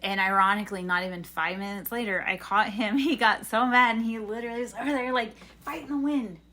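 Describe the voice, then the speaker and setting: A woman's voice: medium pitch, brisk, pushed and bright. Chatty woman telling a rambling story. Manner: rambling storytelling with many fillers; earnest, advice-giving. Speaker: livestream tarot reader. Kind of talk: casual chat.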